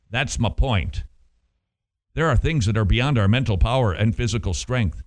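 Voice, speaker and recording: A male pastor preaching a sermon in an animated way, full of rhetorical questions and playful asides. His pitch swings widely between low, serious statements and high, excited bursts. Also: normal speed.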